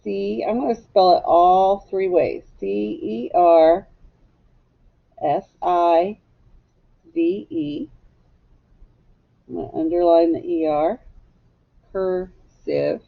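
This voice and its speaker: A woman teacher leading a phonics lesson for young children, clearly drilling sounds and words for them to echo. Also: on the low side, lively intonation, takes it slowly, long pauses, phone-quality sound.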